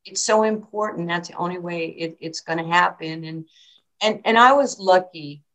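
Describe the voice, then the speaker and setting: A woman with a lowish voice, talking at normal speed, tells stories as a New York basketball coach being interviewed, animatedly performing the quotes. Audio is poor.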